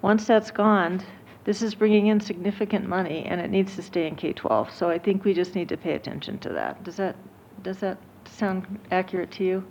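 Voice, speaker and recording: A woman school board member explaining a point in a public meeting, earnest and measured. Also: mid-range voice, darkish tone, slight background noise. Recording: dull lo-fi meeting audio.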